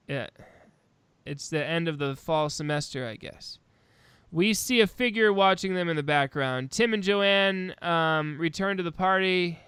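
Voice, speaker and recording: High-voiced man recapping a movie. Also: a bit bright, clean tone, no echo. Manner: recaps the plot and laughs often. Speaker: podcast host. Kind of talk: casual movie recap chat.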